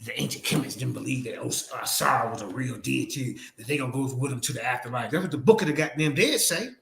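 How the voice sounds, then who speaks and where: A man's voice: mid-range voice, quick pace, vocal fry, fairly bright tone. A man hosting a livestream, ranting in a combative, profane, trash-talking way. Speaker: streamer host. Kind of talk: heated livestream rant.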